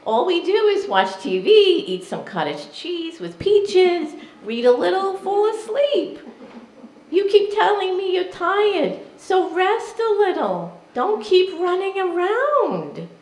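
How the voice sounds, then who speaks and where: A woman's voice: very high-pitched, very animated, takes it slowly, a little mellow, pitched above the performer's own voice, full character voice. A woman doing a nagging old New York mother. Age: older. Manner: nagging, worried, bossy. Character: fussy elderly Jewish mother, New York. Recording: echoey room, live crowd.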